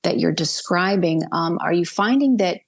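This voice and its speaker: A woman's voice: fairly low pitch, lively intonation, moderate pace, vocal fry. A woman hosting an interview, asking long, rambling questions with hesitant fillers. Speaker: host.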